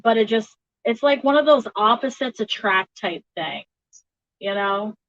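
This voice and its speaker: A woman's voice: medium pitch, animated, measured pace, fairly bright tone, dry recording, dull audio. A woman tarot reader chatting casually on a livestream, laughing often between remarks.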